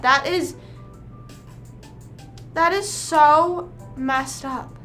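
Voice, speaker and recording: A young woman with a fairly high, bright voice rambles through a casual livestream chat, leaning on "like" at every turn. Faint music plays behind her at her home streaming setup. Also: drawn-out words, pauses often. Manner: rambling, chatty, full of "like" fillers.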